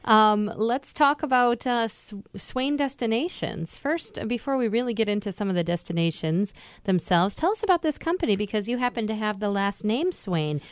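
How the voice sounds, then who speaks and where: A woman hosts a talk radio show in an upbeat, conversational way. Her mid-pitched voice sounds dry and close in the studio. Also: expressive, moderate pace, hardly any pauses, clean tone, no echo. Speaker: radio host.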